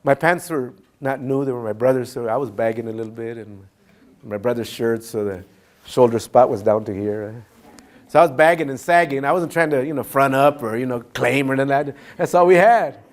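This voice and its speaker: A man giving a storytelling keynote speech, animated, mixing Spanish phrases into his English. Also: mid-range voice, fairly quick. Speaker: keynote speaker.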